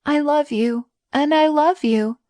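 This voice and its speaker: A woman doing a young heroine, high-pitched, pleading, dry close storybook voice. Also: slow pace, warm tone, no room sound.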